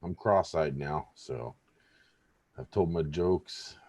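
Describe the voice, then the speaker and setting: A man's voice: very deep voice, slow, darkish tone, dry recording. A man, a guest on a casual podcast, telling a long joke in a tired, laid-back way and laughing often. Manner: laid-back storyteller, voices characters in jokes, laughs often.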